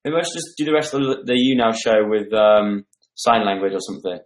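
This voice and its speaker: This casual home stream features a man in his twenties with a lowish voice, speaking fairly quickly as he chats about viewer comments. His desktop mic picks up a roomy sound.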